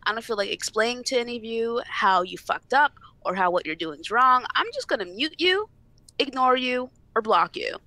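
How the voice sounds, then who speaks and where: A woman's voice: fairly high pitch, creaky, sharp tone, dry recording. A young woman on a casual podcast, ranting animatedly and swearing freely. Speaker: podcast co-host.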